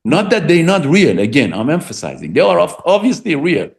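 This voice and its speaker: A man's voice: a little high, wildly swooping pitch, brisk, gravelly. A middle-aged man, a political science professor and English speaker, speaking emphatically in an interview and repeating words for stress. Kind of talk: academic interview.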